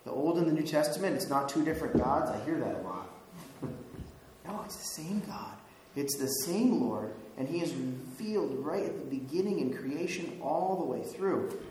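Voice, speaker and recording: A man's voice: a little high, lively intonation, moderate pace, a little mellow. A man preaching a sermon as pastor, talking conversationally, chuckling now and then and asking the listeners questions. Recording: very echoey hall with faint hiss.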